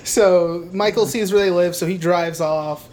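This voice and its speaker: A man's voice: high-pitched, steady tone, a little slow, crowd noise. Laughing, swearing man recapping a movie. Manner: profane, laughing, acts out film dialogue in put-on voices. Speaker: podcast co-host. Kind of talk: casual movie recap chat.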